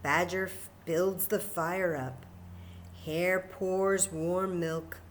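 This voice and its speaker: A woman librarian reading a picture book aloud at children's story time, animated and enthusiastic, talking to the kids. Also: lowish voice, extremely slow, a little hiss or hum.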